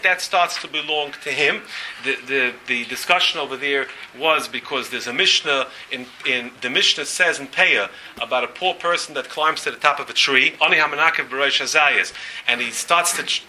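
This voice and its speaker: A rabbi gives a Talmud lecture to a class, speaking emphatically and firing questions at the room as students interject. His voice is a little high, pushed and bright, on a low-quality recording with a bit of hiss or hum.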